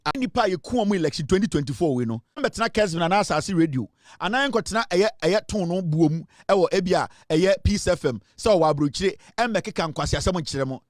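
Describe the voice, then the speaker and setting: A middle-aged Ghanaian man hosting a live online political show, an animated storyteller who switches between Twi and English and laughs often. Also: a little high, no room sound, studio quality. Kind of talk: lively livestream commentary.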